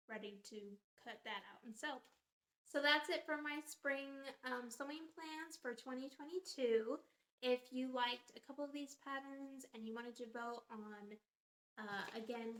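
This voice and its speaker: A woman hosting her sewing channel in casual vlog chat, upbeat and chatty with frequent ums, recorded at a low level. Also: fairly bright tone, roomy sound.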